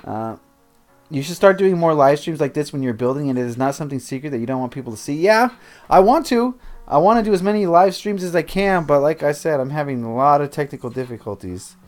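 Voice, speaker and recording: A man's voice: fairly high pitch, expressive, brisk, a little mellow. Casual male livestreamer; rambling, self-interrupting chat over faint background music. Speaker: streamer.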